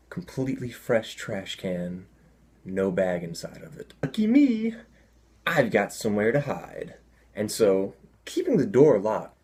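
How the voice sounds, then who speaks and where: Husky man telling a funny story. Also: deep voice. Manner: animated, deadpan asides. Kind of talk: comedic personal storytelling.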